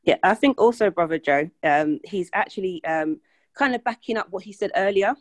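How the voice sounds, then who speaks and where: A woman's voice: mid-range voice, animated, moderate pace, no echo. A woman taking part in a Bible study discussion, explaining her point thoughtfully. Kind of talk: group discussion.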